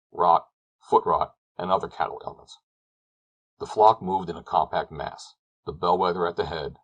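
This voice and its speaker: Low breathy guy reading an old novel aloud, steady and descriptive. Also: rough recording. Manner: measured, descriptive storytelling. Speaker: audiobook narrator. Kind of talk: scripted narration of a classic novel.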